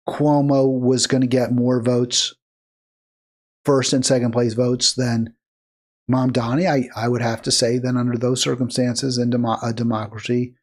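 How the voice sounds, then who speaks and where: Rambling talk-show host. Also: male voice, medium pitch, darkish tone. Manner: rambling, fillers and restarts, mimics other voices in quotes. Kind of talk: political talk radio monologue.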